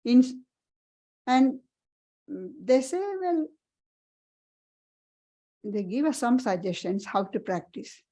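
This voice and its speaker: A woman monastic teacher giving a spiritual parlour talk, earnest and halting, often repeating and restarting her phrases. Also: fairly high pitch, lively intonation, dark tone, poor audio.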